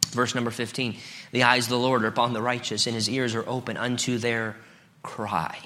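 A middle-aged man preaches a sermon in a bright, forceful voice. He moves between relaxed, conversational asides and rising, emphatic peaks. He also reads scripture aloud to the congregation. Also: mid-range voice, normal speed. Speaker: pastor.

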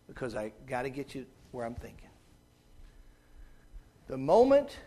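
High-voiced Southern preacher. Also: male voice. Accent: Southern American. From American South. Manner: folksy, swinging from hushed asides to shouted peaks. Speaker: guest preacher. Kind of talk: sermon.

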